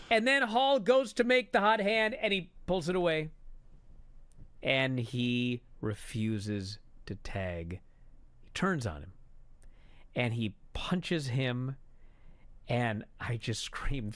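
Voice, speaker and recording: A man telling a story as a profane, exasperated rant that builds to shouting. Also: on the high side, slow, pauses often, dry recording. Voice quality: animated storyteller. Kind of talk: comedic rant.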